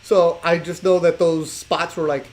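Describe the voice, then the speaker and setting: A man from Los Angeles hosting a casual interview podcast, joking in slang and telling animated stories. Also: fairly high pitch, unhurried. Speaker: podcast host.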